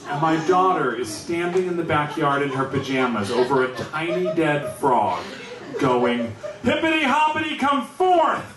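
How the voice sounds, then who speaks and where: A man's voice: medium pitch, unhurried, crowd noise. A middle-aged man doing stand-up, telling a story in a wry, conversational way with frequent chuckles. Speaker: stand-up comedian. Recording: echoey, distant mic with noise.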